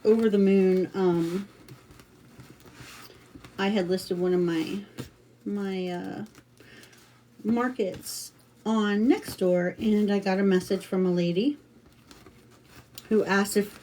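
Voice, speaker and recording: A middle-aged American woman chats through a craft livestream in a relaxed, rambling way, full of fillers and restarts. Her voice is mellow and soft-edged. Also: mid-range voice, takes it slowly, long pauses. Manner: chatty, rambling storytelling with many fillers. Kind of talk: casual livestream chat.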